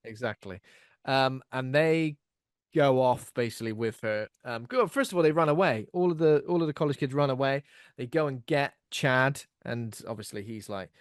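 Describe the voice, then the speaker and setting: A man's voice: medium pitch, moderate pace, smooth, no echo, clean studio sound. A man co-hosting a podcast, casually retelling a film scene and acting out the characters' lines. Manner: animated retelling, acts out lines. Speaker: podcast co-host.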